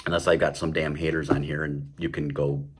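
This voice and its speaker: The show host has a bass voice, a flat delivery, a brisk pace and some breathiness. He delivers a fiery political monologue on his own program, stumbling over repeated words and mocking his targets with sarcastic asides.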